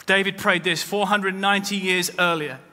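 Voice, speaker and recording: In a church with long hall reverb, a pastor delivers a sermon in a high, steady voice at a moderate pace, pushed and bright. His emphasis rises whenever he quotes scripture.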